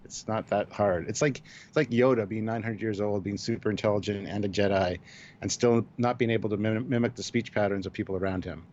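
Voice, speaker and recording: A man's voice: on the low side, steady tone, brisk, darkish tone. A man co-hosting a live review stream, speaking bluntly and sardonically. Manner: blunt, sardonic, laughing at the silly bits. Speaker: co-host of a live review show. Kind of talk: casual live-stream discussion. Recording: dull lo-fi mic with faint hiss.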